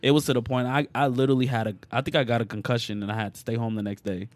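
A young man hosting a casual podcast, telling an animated story with heavy slang. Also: medium pitch, very fast, no echo. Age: young adult. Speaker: podcast host.

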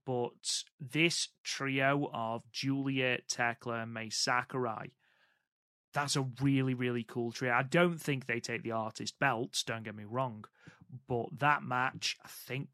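A man co-hosting a wrestling podcast, giving enthusiastic, measured commentary with frequent ums. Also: medium pitch, steady tone, bright, forceful tone, no room sound, studio quality. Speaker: podcast co-host. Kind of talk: casual podcast chat.

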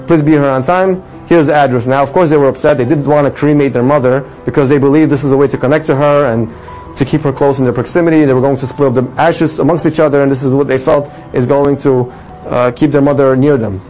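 A man telling a religious story with a moral in an animated sermon style, his voice rising for the dramatic lines. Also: mid-range voice, fast talker, faint music behind, poor audio. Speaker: storyteller teaching a religious lesson.

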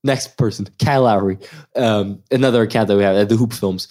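A man's voice: lowish voice, a little fast, darkish tone. A man in his twenties, a guest on the show, telling a story in casual chat and acting out the voices of the people in it.

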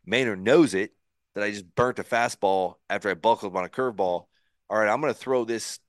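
Low-voiced man telling a lively story. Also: fairly quick, no room sound, clean studio sound. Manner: animated, acts out his own thoughts in quotes, frequent restarts. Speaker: podcast guest, former pitcher. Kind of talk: casual storytelling.

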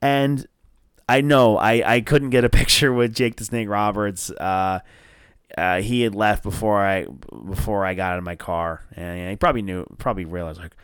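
A man from northern New Jersey hosting a casual wrestling review podcast, rambling and excitable with lots of fillers and swearing. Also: on the low side, normal speed, clean tone, no echo, clean studio sound. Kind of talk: casual solo review show.

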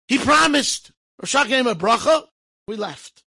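A man telling stories to an audience in a lively way, acting out the people in them and slipping in Hebrew phrases. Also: extremely high pitch, moderate pace, creaky, breathy edge. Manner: lively, acts out quoted speech, sprinkles Hebrew phrases. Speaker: storyteller. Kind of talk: animated storytelling to an audience.

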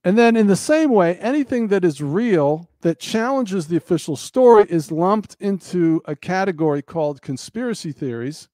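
A man's voice: sits high, animated, normal speed, hardly any pauses, warm tone, no room sound. A man giving an earnest, preacherly monologue, repeating phrases for emphasis. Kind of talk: impassioned monologue.

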